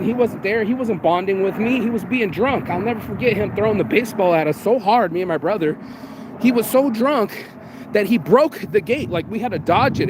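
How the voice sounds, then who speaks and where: A man giving a blunt, profane, emotional motivational monologue outdoors in the rain. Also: high-pitched. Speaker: vlogger. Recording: noisy outdoor street recording. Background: rain and passing traffic.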